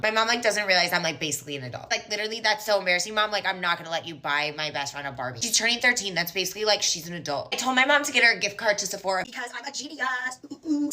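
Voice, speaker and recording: A woman's voice: mid-range voice, pushed and bright. A woman voicing a spoiled, self-absorbed twelve-year-old girl in a parody get-ready-with-me vlog, with airy valley-girl chatter.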